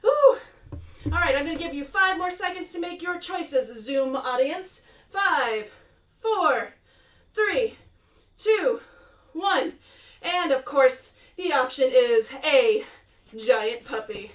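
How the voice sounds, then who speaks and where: A woman's voice: high voice, measured pace, reverberant, distant mic. A playful, chatty woman hosting a live virtual show over a video call, talking the audience through each step. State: out of breath. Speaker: performer and host.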